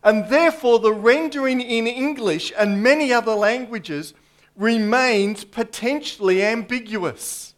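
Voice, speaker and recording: A man preaching a sermon to a congregation, slow and deliberate, with dry asides. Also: very high-pitched. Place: church congregation.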